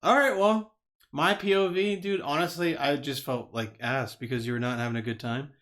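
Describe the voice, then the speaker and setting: A man co-hosting a casual comedy podcast, animated and swearing, often laughing and tripping over his words. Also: fairly high pitch, normal speed. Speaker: podcast co-host.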